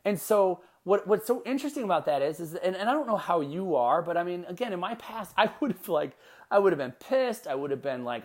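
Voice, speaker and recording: A man hosting his own podcast, talking solo in an energetic, conversational way with quick asides and restarts. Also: high voice. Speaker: podcast host. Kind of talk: solo motivational podcast talk.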